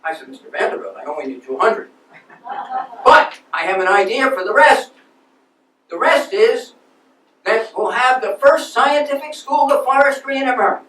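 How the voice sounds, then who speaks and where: A man portraying a restless, passionate nineteenth-century landscape architect who recounts his life in an earnest, swelling manner. The voice sits high for a man and rings out in an echoey hall, picked up from a distance. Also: fairly bright tone. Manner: emotional, earnest storytelling with sudden outbursts. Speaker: historical reenactor. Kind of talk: first-person living-history monologue. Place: lecture hall.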